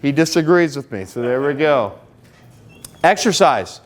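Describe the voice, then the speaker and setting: A man's voice: on the high side, animated, measured pace. Middle-aged guy talking to a room of couples, chatty, jokey, lots of stories about his family. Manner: conversational, joking, full of personal anecdotes. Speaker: marriage seminar speaker. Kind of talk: live talk to an audience.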